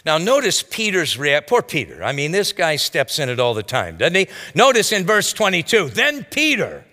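A man's voice: a little high, huge pitch swings, moderate pace, sharp tone, long reverb tail. A man preaching a sermon as a pastor, teaching verse by verse in a conversational, folksy way with casual asides. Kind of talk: expository sermon.

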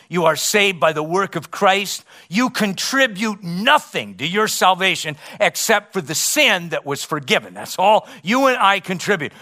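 Emphatic preaching man, bright voice. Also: a little high. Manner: emphatic preaching with rhetorical questions and dramatic pauses. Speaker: pastor. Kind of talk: sermon.

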